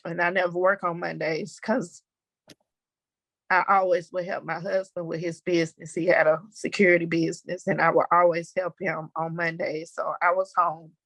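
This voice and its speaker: A middle-aged woman with a Southern American accent, telling her own story in a halting, emotional personal testimony. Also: lowish voice, little pitch movement, vocal fry, a bit bright, no echo.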